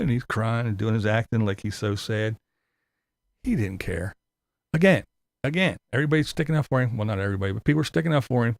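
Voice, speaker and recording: Gravelly, sarcastic ranting man. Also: fairly low pitch, lively intonation, quick pace, dry recording. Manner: profane, sarcastic, mocking. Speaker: YouTube commentator. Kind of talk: ranting commentary.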